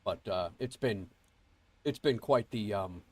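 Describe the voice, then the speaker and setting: A congested man hosts a flight sim livestream, his voice a little low and stuffy from a cold. He rambles along in casual chat, full of fillers and false starts, calling out viewers by name. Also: a little slow. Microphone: earbuds mic.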